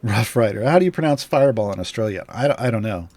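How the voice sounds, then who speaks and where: A man's voice: lowish voice, lively intonation, fast talker, darkish tone, no room sound. A man hosting a game guide livestream, chatting casually and rambling with fillers and restarts.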